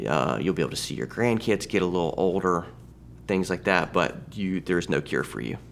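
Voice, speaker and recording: A man in his thirties with a very low, gravelly voice tells a personal story. He speaks conversationally, often circling back and restarting his sentences. A faint hum sits underneath the recording. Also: lively intonation, moderate pace. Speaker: church testimony speaker. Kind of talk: personal testimony.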